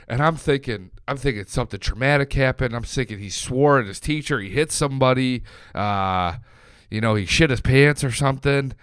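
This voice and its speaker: A man in his late twenties hosts a sports podcast, chatting loosely and swearing freely as he tells a story. His voice is smooth and clear at a middling pitch. It is recorded dry and close, with no room around it. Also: normal speed, fairly bright tone, no echo. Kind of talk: casual sports chat.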